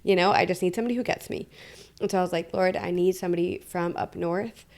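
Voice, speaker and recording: A woman's voice: on the low side, steady tone, quick pace, darkish tone. A woman from Detroit hosting a podcast, telling a personal story in casual conversation and quoting her own inner dialogue with animation. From Detroit, USA. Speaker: podcast host.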